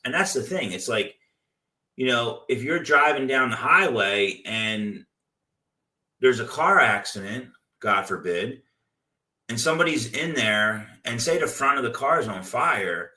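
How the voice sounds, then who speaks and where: A man hosting a real estate investing show, giving a loose, animated motivational talk full of stories and "like". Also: mid-range voice, measured pace. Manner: loose, animated storytelling with frequent "like". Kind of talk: casual motivational talk with anecdotes. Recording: echoey room, distant from the mic.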